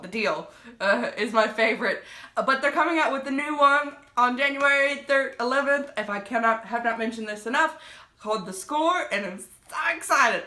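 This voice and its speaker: A woman talking about her favorite books in a casual vlog, gushing and excitable, rambling with lots of fillers. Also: medium pitch. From United States. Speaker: book vlogger. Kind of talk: casual book review vlog. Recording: echoey room.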